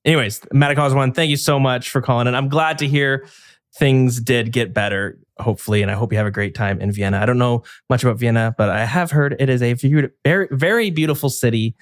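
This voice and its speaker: Clean studio sound with no echo captures a man's mid-range voice, delivered a little fast. As a podcast co-host in casual conversation, he tells stories chattily, rambling, using fillers and often starting his sentences over.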